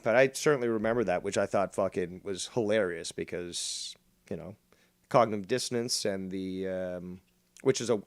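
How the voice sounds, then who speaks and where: A man streaming a rant in reply to a critic, combative, boastful and full of profanity. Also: medium pitch. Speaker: streamer reacting to a critic's videos. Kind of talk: ranting commentary.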